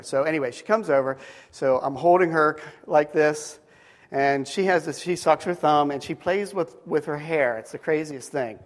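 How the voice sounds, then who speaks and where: Middle-aged man, sermon, casual rambling delivery, slightly high voice. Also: moderate pace, long reverb tail. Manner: casual, rambling with frequent restarts. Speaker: pastor. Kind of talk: sermon with storytelling. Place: speaking to a live audience at a Bible school.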